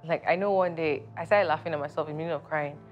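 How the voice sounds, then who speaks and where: A woman with a somewhat low voice reflects on a hard period in plain, thoughtful words. Faint music sits behind her. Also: steady tone, fast, muffled recording. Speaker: interviewee. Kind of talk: personal testimony.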